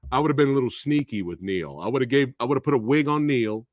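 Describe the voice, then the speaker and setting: A man's voice: mid-range voice, lively intonation, brisk, no room sound. A man hosting a casual interview, laid-back and jokey as he hypes up his guest. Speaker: interview host.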